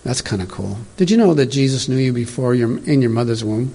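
Husky man preaching a chatty sermon. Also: medium pitch, expressive, fairly quick, mellow. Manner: chatty, digressive, laughs at own asides. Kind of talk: informal sermon. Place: church room with congregation.

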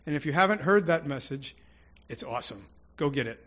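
A man's voice: a little high, animated, brisk, fairly bright tone, muffled recording. A man preaching an informal, rambling sermon to his congregation, with prayerful asides and restarts. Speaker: church speaker.

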